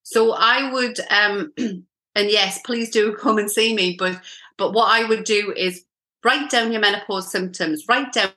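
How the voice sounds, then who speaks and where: A woman's voice: mid-range voice, measured pace, pushed and bright. A middle-aged woman coach explaining things plainly in a podcast interview, often checking in with "okay?". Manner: straight-talking, explains with repeated "okay?" checks. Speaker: menopause coach, guest.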